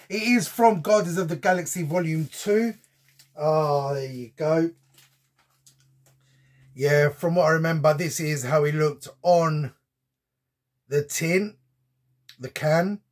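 Man, casual unboxing vlogger, lots of ums, husky, a bit high. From United Kingdom. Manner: chatty, with frequent ums and British slang.

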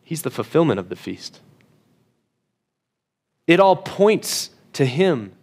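A man's voice: on the high side, very animated. Emphatic man preaching a sermon. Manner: emphatic, slows down and drops to a hush for key phrases; repeats words when restarting. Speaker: pastor.

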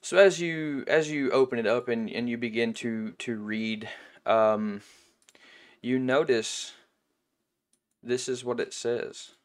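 A man running a tabletop game as game master, with a voice of middling pitch. He narrates scenes casually, often halting and starting sentences over. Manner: halting, with many restarts and fillers.

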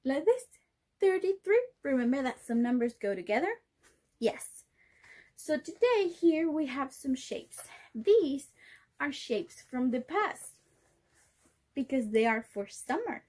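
A woman teacher speaking to small children in a video lesson. She talks slowly and sing-song, stretching each key word so they can repeat after her. Her voice is high and a little breathy. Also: sing-song, a little mellow. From Chile. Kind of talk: online class for young children.

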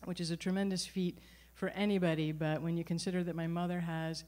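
A middle-aged woman telling a personal story at a live storytelling event, conversational and animated, with frequent restarts. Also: fairly low pitch, brisk. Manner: conversational, animated, self-correcting.

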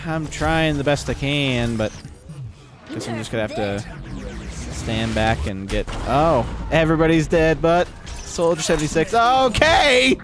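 A man giving live gameplay commentary as a channel host, excitable, swearing and yelling at the game. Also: a little high, unhurried. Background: game music and sounds.

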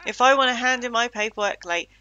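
A woman's voice: fairly high pitch, fast, pushed and bright, highs cut off. A woman reading aloud the lines of an anxious, defensive male monster from a game. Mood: indignant. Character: anxious male one-eyed monster, self-styled talent.

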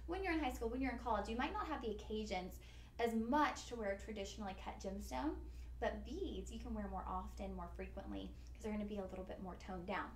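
A woman's voice: medium pitch, fast, a little hiss or hum. A woman hosting a live shopping stream, chatty, upbeat and a bit goofy. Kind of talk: live-stream jewelry selling. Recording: echoey studio room.

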